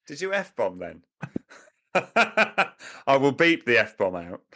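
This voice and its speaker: A man's voice: mid-range voice, very animated, takes it slowly, a bit bright. A man co-hosting a podcast, talking in a rambling, chatty way and laughing often. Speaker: podcast co-host. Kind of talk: casual chat.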